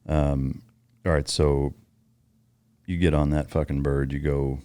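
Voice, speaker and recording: A man's voice: rumbling low, flat delivery, takes it slowly, dark tone, smooth, no echo. An American man hosting a podcast, talking casually, swearing freely and restarting his sentences. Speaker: podcast host. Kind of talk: casual interview.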